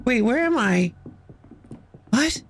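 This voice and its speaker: Woman streamer, excitable and giggly, high voice, unhurried delivery, faint game music behind. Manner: excitable and giggly, with panicky shrieks. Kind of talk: live gameplay commentary.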